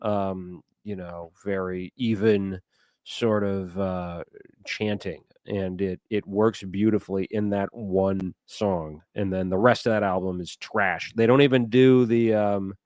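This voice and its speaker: A man's voice: low-pitched, fairly even intonation, a little slow, darkish tone, no room sound, clean studio sound. A man co-hosting a podcast, chatting casually with many fillers and restarts. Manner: rambling, hesitant, many fillers. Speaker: podcast co-host. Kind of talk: casual chat.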